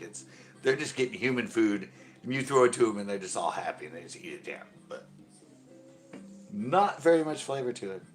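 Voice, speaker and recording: Rambling low-voiced man telling stories. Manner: rambling storyteller, acts out quotes loudly and laughs often. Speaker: host of a fishing channel livestream. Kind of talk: casual live-stream chat.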